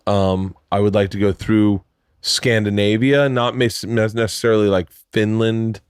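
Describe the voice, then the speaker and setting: A man's voice: lowish voice, steady tone, unhurried, clear, resonant tone, no echo, studio quality. A man, a husband and dad, chatting and teasing in a casual family podcast talk at home. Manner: playful, teasing, builds up questions. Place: home room, man cave.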